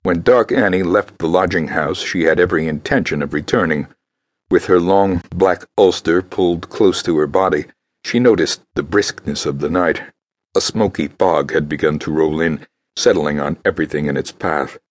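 A man narrating an audiobook with a very low, deep voice. His tone is husky and a bit rough, and he reads in a measured, grave way. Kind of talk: scripted narration.

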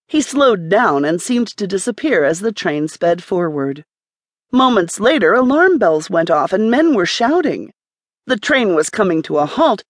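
A woman narrating a romance audiobook in a measured, even storytelling manner. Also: medium pitch, no echo, studio quality.

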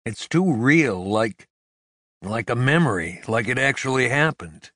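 A man's voice: mid-range voice, expressive, measured pace, a bit bright, no room sound, studio quality. A male audiobook narrator voicing a weary, haunted man who speaks hesitantly, searching for his words. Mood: troubled. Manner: hesitant, tired. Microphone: close studio mic.

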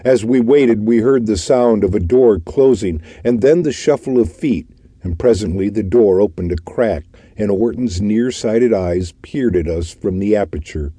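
A man reading a classic detective audiobook in a measured storytelling manner. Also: fairly low pitch, mellow, breathy edge, dry recording. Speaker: audiobook narrator. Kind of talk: scripted audiobook narration.

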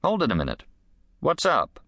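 A man's voice: mid-range voice, huge pitch swings, moderate pace, creaky, fairly bright tone, no room sound, studio quality, pitched above the performer's own voice, heavily acted. A man playing a firm, probing probation officer.

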